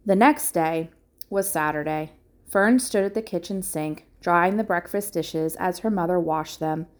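A woman narrating a children's book aloud in a calm, measured way, with small restarts now and then. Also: fairly low pitch. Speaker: audiobook reader.

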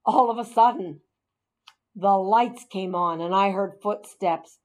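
A woman reading a children's storybook aloud in an expressive, animated way. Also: medium pitch, takes it slowly. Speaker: narrator.

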